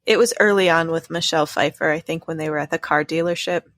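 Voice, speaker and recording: A woman co-hosting a podcast in casual chat, her voice low and gravelly. She sounds relaxed and laughs often. The sound is dry and close. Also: fast, no room sound. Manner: relaxed, laughs often, reads a synopsis aloud. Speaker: podcast co-host. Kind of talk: casual chat about a film.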